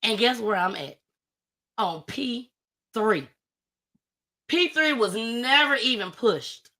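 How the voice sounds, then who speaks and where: A woman's voice: fairly high pitch, expressive, takes it slowly, pushed and bright. A woman, telling a story in a casual live-stream chat and acting out her own panicked cries. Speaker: storyteller guest.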